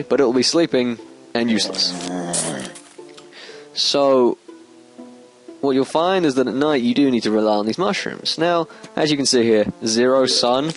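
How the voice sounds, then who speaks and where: Chatty man narrating a game. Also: low-quality recording. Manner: chatty, explains as he plays, sudden squeaky excited outbursts. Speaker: gameplay commentator. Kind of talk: let's play commentary. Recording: game music playing behind. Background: game music.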